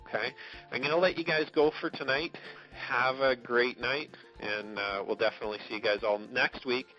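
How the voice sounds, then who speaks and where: A man's voice: mid-range voice, steady tone, moderate pace. A man coaching his network marketing team on a motivational call, emphatic, often checking in with "okay?" and laughing between points. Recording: dull lo-fi recording with faint music.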